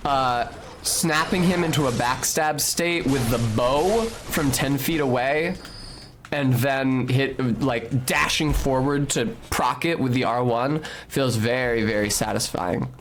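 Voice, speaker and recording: A man's voice: mid-range voice, takes it slowly, fairly bright tone, faint music behind. Rambling, foul-mouthed male game streamer. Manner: rambling, joking and profane, with frequent fillers. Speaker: game streamer talking to chat. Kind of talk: casual live-stream chatter while playing.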